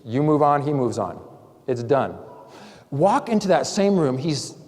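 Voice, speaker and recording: Pastor preaching in a reverberant church. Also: male voice, mid-range voice, very animated, unhurried, a little mellow. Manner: conversational preaching with acted-out quotes. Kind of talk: sermon. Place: church sanctuary. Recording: long church hall reverb.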